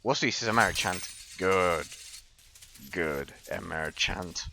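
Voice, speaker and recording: A male gamer talks his way through a session in an unhurried drawl. His voice sits a bit low but rings bright and forward. He muses aloud, stumbles into fillers and drops casual swear words. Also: creaky, a little hiss or hum. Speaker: gameplay commentator. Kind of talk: casual let's-play commentary.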